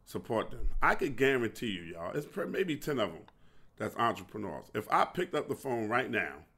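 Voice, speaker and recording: A man's voice: fairly low pitch, fairly bright tone. A man hosting a solo podcast, ranting passionately in slang and saying he feels unwell. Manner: impassioned, preachy rant with street slang. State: feeling unwell. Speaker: podcast host.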